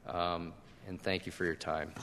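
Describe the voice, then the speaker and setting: A man, the son of the deceased, reading tributes aloud at a memorial service in a church, earnest and halting with ums. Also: sits low, level tone, fairly bright tone, a little hiss or hum. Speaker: son giving a eulogy. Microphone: handheld microphone. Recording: long church reverb.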